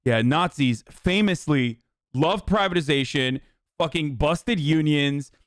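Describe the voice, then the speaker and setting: Streamer guy reacting to clips, swears a lot, blunt, smooth slightly high voice, dry sound. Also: slow, no echo. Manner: profane, blunt, laughing scorn. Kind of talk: casual reaction commentary.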